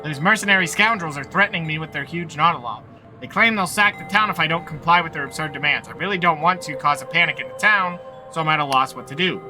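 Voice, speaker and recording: A man's voice: on the high side, quick pace, music in the background, natural voice. A man reading aloud the lines of a nervous, fussy woman village mayor from a video game, flustered and overly polite.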